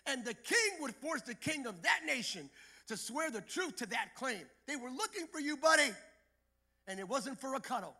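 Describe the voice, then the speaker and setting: A male pastor preaching a sermon, building to shouted, rhythmic repetition. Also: very high-pitched, big pitch swings, moderate pace.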